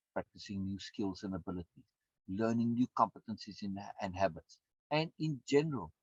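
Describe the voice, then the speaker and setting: A man's voice: medium pitch, husky, no room sound. A man, a course instructor and coach, giving a recorded lecture in an emphatic way, repeating words and often adding tag questions. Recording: dull, dry lo-fi sound.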